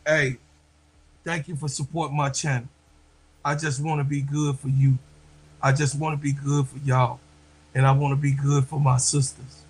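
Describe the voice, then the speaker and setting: A man hosting a livestream, speaking to his viewers slowly and from the heart, often repeating himself and getting emotional. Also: medium pitch, level tone, breathy edge, poor audio. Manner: slow, heartfelt, repeats phrases. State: emotional, near tears. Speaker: livestream host.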